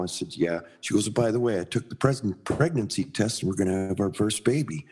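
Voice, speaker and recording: A man's voice: lowish voice, fairly quick, hardly any pauses, noisy background. A middle-aged man from Minnesota, a sign painter telling a story in casual conversation and acting out the voices in it. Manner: animated, acts out voices in his anecdotes.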